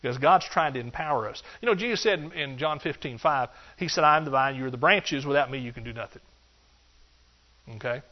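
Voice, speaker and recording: A man preaching a sermon, animated and joking, acting out excuses in a higher voice. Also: fairly quick. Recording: dull lo-fi sound.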